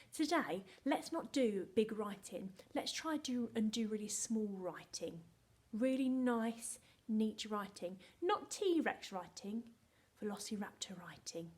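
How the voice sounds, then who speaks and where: An English woman teaching young children from home, she keeps her lines slow and measured. Her voice sits a little high and bounces between playful exclamations and hushed whispers as she sounds words out letter by letter. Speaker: primary school teacher. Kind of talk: recorded remote phonics lesson for young children.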